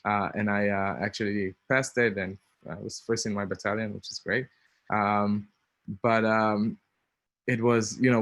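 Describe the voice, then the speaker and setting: A man in his thirties with an Israeli accent tells a personal story in a chatty way, full of ums and small laughs. His voice sits on the low side. The recording is dry and close, with no room sound. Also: fairly bright tone, dry recording. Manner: chatty, many ums, laughs between lines. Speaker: speaker.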